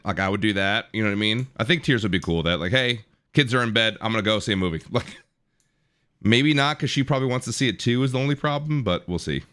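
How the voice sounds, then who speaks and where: A man's voice: fairly low pitch, a bit bright. A man in his thirties hosting a live stream, chatting casually, joking and thanking viewers from chat. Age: 30s. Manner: chatty, jokey, reads out chat and thanks subscribers. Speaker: livestream host.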